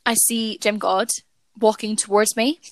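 A woman's voice: medium pitch, fairly even intonation, measured pace, slight background noise. A young woman tells a story in a casual podcast chat. She talks in a chatty, self-deprecating way, full of "like"s and restarts. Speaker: podcast co-host.

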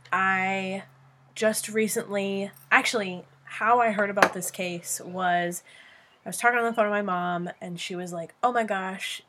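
Young female podcast co-host, giggly and excitable, casual chat. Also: medium pitch. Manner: giggly, excitable, drawls filler words.

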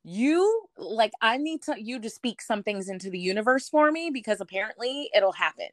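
A woman telling a personal story as an interview guest, animated, acting out the voices of the people she quotes, with lots of "like". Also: mid-range voice, fairly quick, no room sound, clean studio sound. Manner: frequent "like" fillers.

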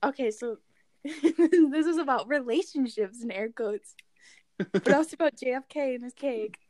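Playful high-voiced woman, dry sound. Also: normal speed, darkish tone, no echo. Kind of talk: casual chat.

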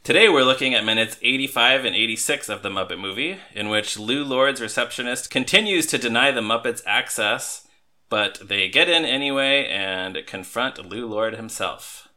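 A man hosting a podcast in casual, chatty talk, quick to laugh. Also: medium pitch, bright, forceful tone. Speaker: podcast host. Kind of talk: casual chat.

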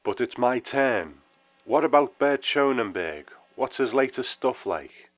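A man voicing the warm, familiar voice of a dead male friend calling on the phone, solemn and wry. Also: deep voice, measured pace, no echo, low-quality recording. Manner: solemn, wry, with sudden brightening.

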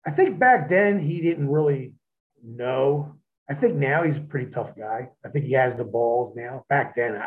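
A man, a wrestler, telling profane, animated stories as an interview guest over a phone line. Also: mid-range voice, normal speed. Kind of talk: storytelling in an interview.

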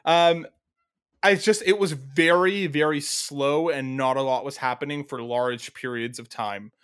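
A man's voice: mid-range voice, a bit bright, clean tone. A man co-hosting a podcast who chats casually, teases his guest and laughs easily. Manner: teasing, quick to laugh, friendly ribbing. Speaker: podcast co-host. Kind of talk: casual chat.

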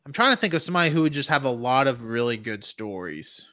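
A young man from Alabama with a Southern US accent, hosting a casual podcast chat, animated and swearing freely. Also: mid-range voice, fast talker. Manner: animated, swearing, laughing often. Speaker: podcast host.

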